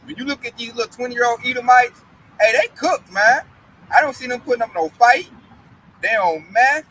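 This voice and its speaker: A man in a casual religious discussion who tells animated stories in colloquial speech and acts out other people's voices. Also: very high voice, normal speed, low-quality recording. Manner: colloquial, with frequent fillers.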